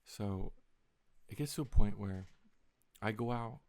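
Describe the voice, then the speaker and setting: Low-voiced young man, exasperated storyteller. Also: unhurried, darkish tone, no echo. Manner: rambling, exasperated retelling with lots of swearing. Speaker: vlogger. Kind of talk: casual storytelling to camera.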